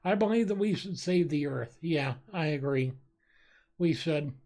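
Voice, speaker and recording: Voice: medium pitch, expressive, a little slow, dark tone. A live streamer in casual chat who reads viewers' jokes aloud and laughs at them often, with a desk microphone. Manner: giggly, reacts with frequent laughter.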